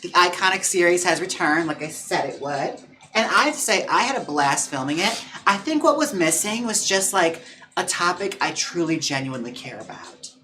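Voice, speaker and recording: A man's voice: high voice, expressive, normal speed, sharp tone. A drag queen hosting a casual livestream, chatting playfully and campily with viewers. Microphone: own mic.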